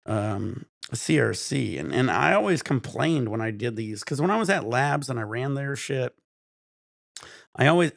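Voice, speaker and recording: Hosting a laid-back cannabis stream, a man in his thirties wanders through stories full of swearing and laughter in casual chat. His voice is mid-pitched with a gravelly edge, captured close and dry with no room sound.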